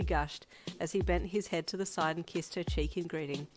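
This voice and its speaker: Woman, fan fiction audiobook narrator, steady storytelling, lowish voice, clear background music. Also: brisk. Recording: music playing underneath.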